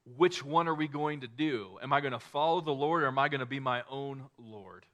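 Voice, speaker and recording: A man's voice: medium pitch, normal speed, a bit bright. A man preaching a sermon in a casual, conversational way, often restarting phrases and acting out quoted lines.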